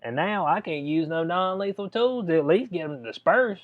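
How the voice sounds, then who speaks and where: A man's voice: high-pitched, expressive, normal speed. A man giving casual spoken commentary, reading a letter aloud and reacting in a drawling, conversational way. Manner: drawling, conversational, addresses listener as "bud". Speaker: video commentator. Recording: dull lo-fi sound.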